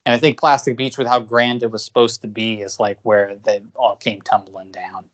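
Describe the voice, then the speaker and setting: A man's voice: lowish voice, flat delivery, moderate pace, dull audio. A man co-hosting a podcast in casual discussion, talking at length with many fillers and restarts. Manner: rambling, filler-heavy, frequent restarts. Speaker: podcast co-host.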